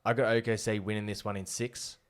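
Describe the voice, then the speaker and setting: Deep-voiced Australian man talking sport. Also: little pitch movement, fairly quick. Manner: confident, makes bold predictions. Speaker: podcast co-host. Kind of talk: casual sports chat.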